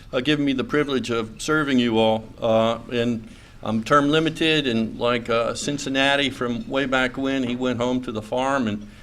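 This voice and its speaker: A man's voice: medium pitch, a bit bright, a little hiss or hum. A middle-aged man from Louisiana, a state senator giving a folksy club speech full of fillers and restarts. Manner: folksy, hesitant with many fillers and restarts, joking. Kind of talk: after-lunch club speech. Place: club meeting room.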